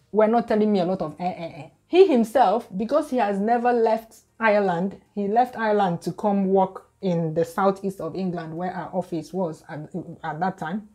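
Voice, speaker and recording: With a mellow, mid-range voice, a Nigerian woman speaks to her viewers in an easygoing to-camera style. This YouTuber has a Nigerian accent and tends to repeat words as she restarts.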